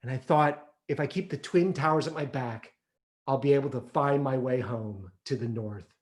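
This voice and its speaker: A man performing a one-man theatrical storytelling show, animated and acting out the people he describes. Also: mid-range voice, moderate pace. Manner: animated, acts out other people's voices. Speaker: solo stage performer. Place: theatre stage.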